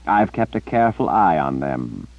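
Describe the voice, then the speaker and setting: A man's voice: deep voice, sing-song, normal speed, no room sound, lo-fi sound, exaggerated voice. A man reading an audiobook, voicing an arrogant, theatrical male sorcerer who drawls and dismisses others with scorn. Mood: haughty.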